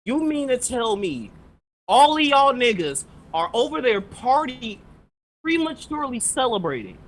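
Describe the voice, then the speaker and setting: A man's voice: very high-pitched, very animated, a little slow, fairly bright tone, rough recording. A man co-hosting a podcast, ranting heatedly and sarcastically about an anime episode, swearing constantly. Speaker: podcast co-host. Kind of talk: profane ranting anime recap.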